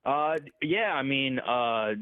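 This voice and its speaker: Brief: male co-host bantering, playful and halting, phone-line sound. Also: mid-range voice, lively intonation, clean tone. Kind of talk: casual banter.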